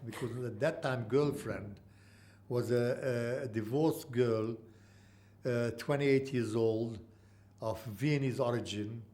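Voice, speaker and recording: Older man recounting wartime memories haltingly. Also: mid-range voice, a little mellow. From Mandatory Palestine. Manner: halting, with frequent uh pauses and restarts. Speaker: interviewee. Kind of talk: oral history storytelling.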